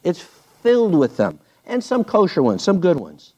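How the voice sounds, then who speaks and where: A man preaching a sermon, telling the story playfully and swinging between loud bursts and hushed asides. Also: high-pitched, normal speed. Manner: animated, playful storytelling with sudden loud and quiet turns. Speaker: pastor.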